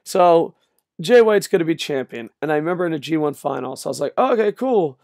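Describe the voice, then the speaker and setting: A man's voice: fairly high pitch, brisk, gravelly, a little mellow, no echo, studio quality. An older man ranting, exasperated and sarcastic, with frequent profanity, in a solo video. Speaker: wrestling commentator.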